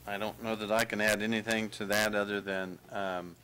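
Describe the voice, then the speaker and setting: A man, the mayor, chairing a city council meeting and calling on speakers in a brisk, friendly way. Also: fairly low pitch, little pitch movement, bright, forceful tone, smooth. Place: council chamber.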